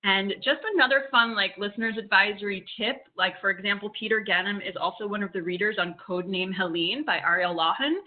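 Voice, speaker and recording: A woman's voice: medium pitch, a little fast, few pauses. Chatty woman on a tinny video call. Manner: chatty, uses 'like' and 'um' often. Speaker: library marketing co-host. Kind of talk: casual book recommendation chat.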